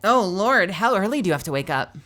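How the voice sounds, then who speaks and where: A playful woman streamer chatting with her audience, her voice bright and sharp and swinging animatedly up and down. Soft music plays behind her. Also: medium pitch, big pitch swings, brisk. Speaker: livestreamer. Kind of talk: casual chat with viewers.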